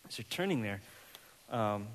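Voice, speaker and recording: A man in his thirties, a pastor, preaching a sermon and telling a personal story with lively, acted-out dialogue. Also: on the low side, normal speed, big-room sound, slight background noise. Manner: animated storyteller, acts out voices in quoted dialogue.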